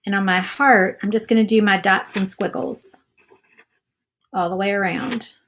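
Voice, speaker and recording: A woman's voice: medium pitch, steady tone, a little slow, a bit bright. A woman hosting a casual live craft demo, chatting and reading viewer comments while she paints. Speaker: craft video host.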